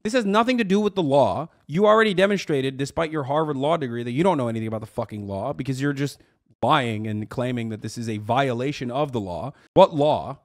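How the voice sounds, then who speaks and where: A man's voice: medium pitch, brisk, no echo, clean studio sound. A man in his thirties reacting to a video as a streamer, sarcastic and mocking, ranting with lots of swearing. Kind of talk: casual profane reaction commentary.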